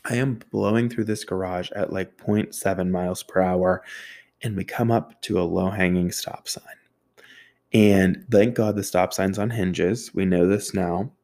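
A man's voice: low voice, steady tone, a little slow, darkish tone. A young man telling a casual, profane anecdote, acting out other people's voices and sound effects with a self-mocking manner. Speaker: storyteller.

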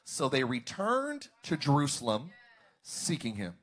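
A man preaching a sermon as pastor, calling out to the congregation and rising to shouts. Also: mid-range voice, huge pitch swings, unhurried. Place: church service, streamed online.

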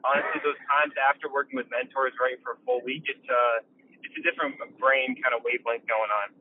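A man co-hosting a casual coaching chat, emphatic and animated, acting out quotes with the odd swear. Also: medium pitch, fairly quick. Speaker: podcast co-host, mentor. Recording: tinny phone-like line.

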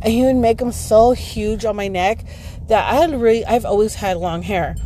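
Casual podcast host, tired woman, 30s, mellow tone, loose and profane, filler-heavy delivery. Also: mid-range voice, moderate pace, a little hiss or hum, rough recording. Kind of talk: casual storytelling monologue.

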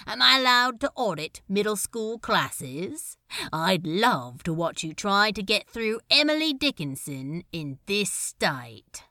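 A woman voicing a gruff, teasing male friend with a gravelly, husky voice, in a podfic. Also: mid-range voice, very animated, slow, sharp tone, dry recording, exaggerated voice. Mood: wry. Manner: dry teasing, tender underneath. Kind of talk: podfic character voice.

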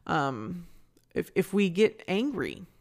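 A woman's voice: on the low side, sing-song, slow pace, a little mellow. A woman hosting her own podcast, talking in an intense, passionate and candid way, with frequent restarts and casual swearing. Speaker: podcast host. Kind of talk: solo podcast monologue.

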